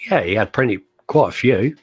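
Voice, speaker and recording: A man co-hosting a live stream in a casual chat, talking in quick bursts with jokey asides. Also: lowish voice, expressive, breathy edge. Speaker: co-host.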